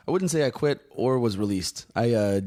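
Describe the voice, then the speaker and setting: A man speaking as a guest on a podcast, chatting casually in a relaxed way with dry humor. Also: mid-range voice, normal speed, no echo.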